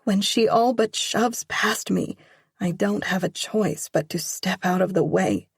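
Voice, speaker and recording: A woman's voice: lowish voice, a little slow, vocal fry, breathy edge, dry recording, clean studio sound. A woman narrating a first-person romance audiobook, emotional and pleading in dialogue.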